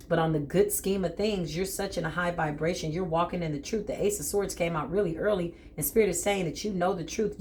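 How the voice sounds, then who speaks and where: A woman's voice: sits low, a little mellow, a little hiss or hum. A woman giving a spiritual tarot reading, speaking bluntly and emphatically straight to the viewer. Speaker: tarot reader.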